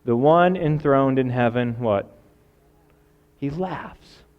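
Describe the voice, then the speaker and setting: A male pastor preaching a sermon, acting out voices and swinging from loud outbursts to hushed lines. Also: mid-range voice, takes it slowly, phone-quality sound. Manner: dramatic, acts out quoted voices, swings from loud to quiet.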